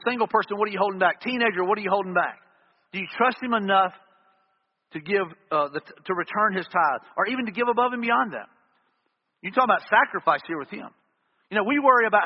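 A pastor with a high, breathy-edged voice preaches a sermon, earnestly driving his points home with repeated emphatic refrains. The audio is dull and lo-fi, recorded in a reverberant hall.

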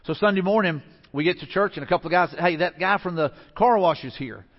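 A man's voice: high voice, quick pace, long reverb tail, muffled recording. A man pastor delivering a conversational sermon, telling stories with frequent restarts. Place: church sanctuary.

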